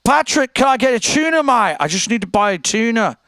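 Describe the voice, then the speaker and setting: A man's voice: very high-pitched, big pitch swings, a little fast, pushed and bright, dry recording, pitched above the performer's own voice, heavily acted. A man imitating a friendly older male guitarist with a put-on British accent, pleading over and over for a guitar tuner.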